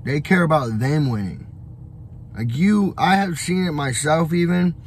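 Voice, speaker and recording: A man's voice: fairly high pitch, expressive, a little slow, slight background noise. Profane, rambling young man ranting. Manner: blunt, profane, rambling with many fillers. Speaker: vlogger. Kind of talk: casual motivational rant. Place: on the road, traveling.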